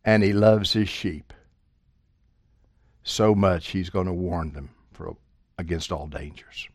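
A man preaching a sermon, swinging from quiet asides to loud, emphatic quotations of scripture. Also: deep voice, slow pace, no room sound, studio quality.

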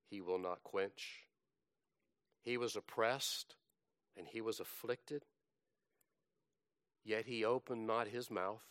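A man preaching a sermon, reciting scripture in a slow, dramatic delivery that swells and drops. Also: on the low side, a bit bright, clean tone, no echo, studio quality.

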